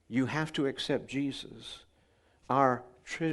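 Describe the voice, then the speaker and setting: Chatty preacher telling stories. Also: male voice, mid-range voice, expressive, a little slow. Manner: chatty, asks the congregation questions. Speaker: pastor. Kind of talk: conversational sermon storytelling. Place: church gathering.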